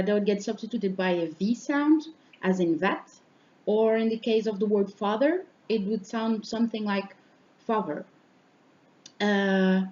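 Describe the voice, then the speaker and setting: A woman's voice: mid-range voice, darkish tone. Young woman giving a class presentation. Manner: explanatory, pausing with fillers. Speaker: student presenter. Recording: dull lo-fi sound with faint noise.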